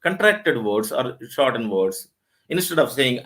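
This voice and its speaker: A man's voice: mid-range voice, sing-song, unhurried, pushed and bright. A middle-aged man with an Indian English accent giving an English lecture in a webinar, explaining step by step and repeating key points.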